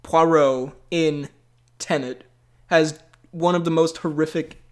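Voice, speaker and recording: A man's voice: on the high side, fairly even intonation, takes it slowly. Laughing young man in loose chat. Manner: laughs often, rambling, filler-heavy. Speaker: podcast co-host. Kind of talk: casual chat.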